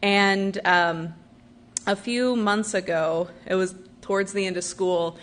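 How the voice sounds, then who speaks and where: Earnest young woman, low-ish voice. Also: steady tone, normal speed. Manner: earnest, gently conversational. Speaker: church member giving a talk. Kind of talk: personal testimony and scripture reading at a church service. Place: church service.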